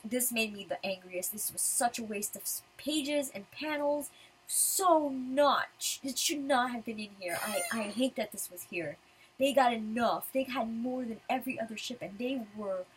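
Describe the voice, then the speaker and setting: Woman ranting about a manga chapter, high airy husky voice. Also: fairly bright tone, low-quality recording. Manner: frustrated, ranting critique. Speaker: manga reviewer. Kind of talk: casual commentary.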